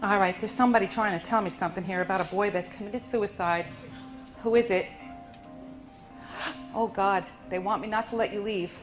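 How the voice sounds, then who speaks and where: A woman's voice: medium pitch, fairly even intonation, normal speed, long pauses, soft background music, poor audio. Soothing woman giving a live spirit reading. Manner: soft, soothing, tender, calling people honey and sweetheart. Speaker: medium at a public reading.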